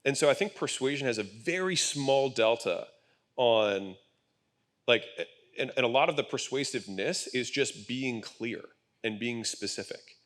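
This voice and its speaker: A man's voice: medium pitch, animated, measured pace, a bit bright. A man speaking on stage at a business event, explaining his ideas in a blunt, emphatic way, with casual swearing. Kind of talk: conversational panel talk. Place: event stage with live audience.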